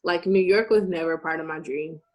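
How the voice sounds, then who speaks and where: A woman's voice: deep voice, a little fast, dull audio. A young woman from Louisiana, a guest telling stories in casual chat and acting out the conversations in them. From Shreveport, Louisiana, USA. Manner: animated, plays out conversations in quoted voices.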